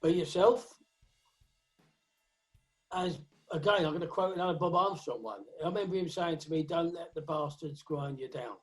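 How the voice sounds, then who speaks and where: A man's voice: on the high side, a little fast, few pauses, fairly bright tone, soft background music. A man talking as a guest drummer on a video call, giving blunt, emphatic advice and singing drum patterns aloud. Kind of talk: lockdown video call interview.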